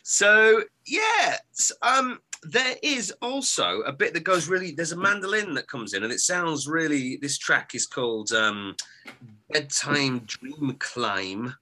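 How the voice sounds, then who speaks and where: A man's voice: on the high side, big pitch swings, slow, sharp tone, rough recording. A man co-hosting a podcast in casual chat, rambling and correcting himself with a joking tone. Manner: rambling, self-correcting, jokey. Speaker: podcast co-host.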